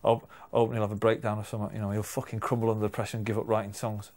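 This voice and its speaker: A man's voice: on the low side, level tone, very fast, darkish tone, slight background noise. A man chatting in an interview, dry and sardonic, swearing as he teases. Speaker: band member and songwriter. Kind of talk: casual interview chat.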